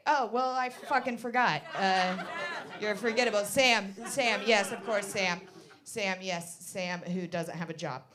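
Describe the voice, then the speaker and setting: A woman's voice: mid-range voice, measured pace. Brash, foul-mouthed woman MC over a crowd. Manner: brash, profane, teasing. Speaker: comedy show MC. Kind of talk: live stand-up crowd work. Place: live comedy venue with audience. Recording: loud crowd noise in a venue. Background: audience laughter and chatter.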